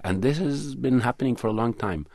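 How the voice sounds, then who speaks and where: A man's voice: mid-range voice, fairly quick, vocal fry, darkish tone, no echo, studio quality. A man being interviewed as a documentary producer, answering in an earnest, thoughtful way and often searching for his words. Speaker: documentary film producer and cinematographer.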